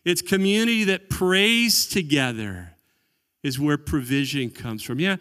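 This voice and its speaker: Male pastor, higher voice, earnest sermon delivery, long hall reverb. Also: smooth. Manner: earnest preaching, drops to quiet voice for quoted prayers.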